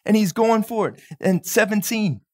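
A male pastor preaching a live sermon in an animated way, laughing often and briefly acting out bits of dialogue. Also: high-pitched, normal speed.

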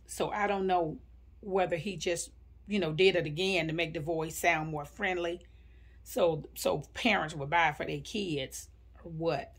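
A woman in her sixties speaks in an unhurried, husky voice. She sits lowish in her range and leans on "you know" and "I think" as she tells her story to an interviewer. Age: 60s. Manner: unhurried, with frequent fillers and hedges.

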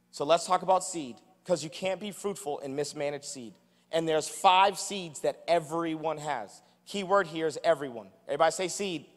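A man in his thirties preaching an energetic sermon to a congregation, emphatic and animated, calling out to the crowd as he goes. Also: fairly high pitch. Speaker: evangelist preacher. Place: large church sanctuary. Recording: long hall reverb in a church.

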